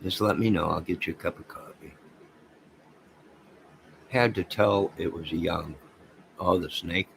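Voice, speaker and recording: A man's voice: sits low, unhurried, creaky, long pauses, a bit bright, a little hiss or hum, low-quality recording. A man hosting a casual livestream, rambling and talking straight to his viewers. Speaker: livestream host.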